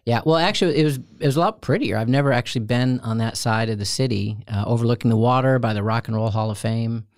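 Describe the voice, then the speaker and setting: A man's voice: mid-range voice, quick pace, dry recording. Middle-aged guy from ohio chatting, acts out the voices in his stories, dry close sound. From Ohio, USA. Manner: animated storyteller, acts out quoted voices. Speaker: co-host. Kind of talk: casual chat.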